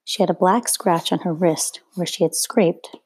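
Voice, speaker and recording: Woman reading a novel, husky low voice. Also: moderate pace. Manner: steady storytelling, occasional rereading slips. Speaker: reader. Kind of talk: reading a children's novel aloud.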